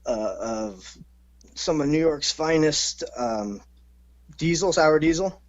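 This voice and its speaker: A man who is a podcast guest, joking around in casual chat with halting fillers. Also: on the high side, animated, lo-fi sound. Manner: jokey, hesitant fillers.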